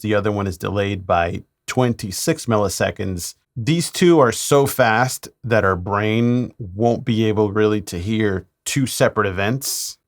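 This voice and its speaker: A man, a mix engineer, talking through a mixing tutorial in a relaxed way with playful asides. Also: fairly low pitch.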